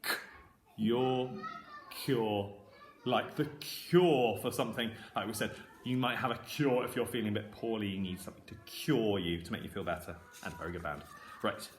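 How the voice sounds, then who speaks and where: A young male primary school teacher with a British accent, giving a phonics lesson to camera and slowly sounding out words in an encouraging way. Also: lowish voice, a little hiss or hum. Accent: British English. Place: classroom. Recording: echoey classroom.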